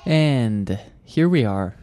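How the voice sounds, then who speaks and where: A man's voice: mid-range voice, expressive, extremely slow, a crowd in the background, background noise. A man in his twenties co-hosting a casual podcast with his wife, recorded in their bedroom, talking in a rambling, chatty way. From California. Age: 20s. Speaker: podcast co-host. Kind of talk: casual chat. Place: bedroom at home.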